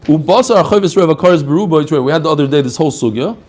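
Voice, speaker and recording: A man teaching a lively Talmud class, mixing in Hebrew and Aramaic terms and acting out the rabbis' answers. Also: fairly high pitch, racing. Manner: animated, mixes Hebrew and Aramaic terms, acts out quoted answers.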